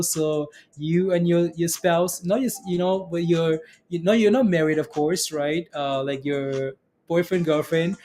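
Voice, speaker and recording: Young male streamer, high voice, rambling casual chat with lots of laughs and fillers. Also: darkish tone. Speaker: livestream stock trading host. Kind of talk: casual livestream chat reading viewer comments.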